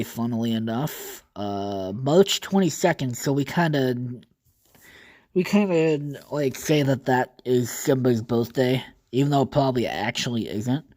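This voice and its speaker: Alone at his podcast mic, a man wanders through a loose monologue, thinking aloud, swearing freely and padding pauses with "uh" and "like." His mid-range voice has a mellow, soft-edged tone.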